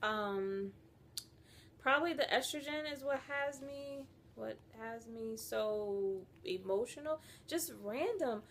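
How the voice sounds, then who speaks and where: A young woman talks to her viewers from the couch at home, animated and quick to laugh at herself. Her voice sits a little high for a woman, with a faint hum of room noise behind her. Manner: animated, laughing, self-mocking. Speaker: vlogger. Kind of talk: casual chat to camera.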